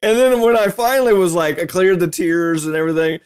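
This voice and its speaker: A man casually telling a funny personal story in a lively way, laughing often and acting out what people said. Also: high voice, a little fast, clean tone. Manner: lively, laughs a lot, acts out quotes.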